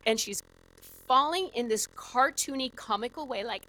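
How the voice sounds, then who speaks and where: A woman guest on a podcast, telling a story in a lively, animated way with lots of "like" fillers. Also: on the high side, normal speed, rough recording. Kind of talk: casual storytelling.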